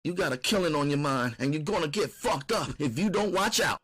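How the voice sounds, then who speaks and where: A man's voice: on the high side, animated, brisk, a bit bright, breathy edge, no room sound, clean studio sound, voice pushed up. A man voicing a streetwise middle-aged woman who runs a brothel, drawling endearments like honey and baby. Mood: urgent. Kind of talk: audiobook character voice.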